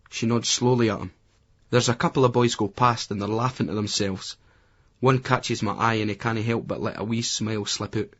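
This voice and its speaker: A man's voice: lowish voice, steady tone, fairly quick, a bit bright, breathy edge, highs cut off. A man with a Scottish accent giving gritty, colloquial first-person audiobook narration. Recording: remastered poor-quality audio.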